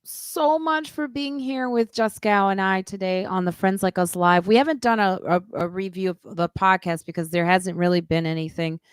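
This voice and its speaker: A woman's voice: medium pitch, moderate pace, hardly any pauses, clear, resonant tone, no echo, studio quality. A middle-aged woman hosting a live podcast stream, chatting loosely and plugging shows with casual swearing. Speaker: podcast host.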